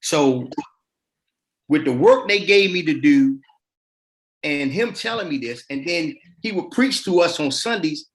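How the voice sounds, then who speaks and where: A man's voice: a little high, a little slow, long pauses. A middle-aged man, a podcast guest, casually telling his life story in colloquial speech and acting out the people in it. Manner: colloquial, relaxed street talk.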